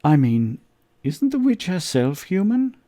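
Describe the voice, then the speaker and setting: An earnest, brave boy, as a man reading aloud puts him on, speaks sincerely and steadily. The reading is slow, with lively pitch.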